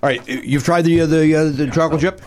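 A man hosting a casual podcast chat, animated and exclaiming, swearing in mock outrage. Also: on the high side, quick pace, slight background noise. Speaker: podcast host.

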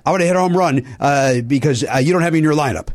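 A man's voice: a little high, quick pace, natural voice. A man voicing a boastful ballplayer who calls a fan on the phone and insists he should be in the lineup. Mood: cocky. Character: boastful ballplayer, male adult, cocky.

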